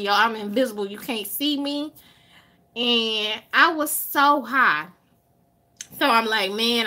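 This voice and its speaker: A woman with a Southern US accent, a vlogger telling a story to her viewers in an animated way, drawing out words for emphasis and swearing freely. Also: fairly high pitch. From Alabama.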